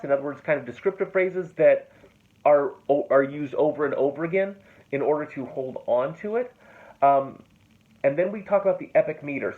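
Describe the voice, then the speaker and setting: A man teaching a classroom lecture in a loose, conversational way, checking in often with his students. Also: mid-range voice. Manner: casual and conversational, checks in with "okay?" and "right?". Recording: tinny phone-like classroom recording.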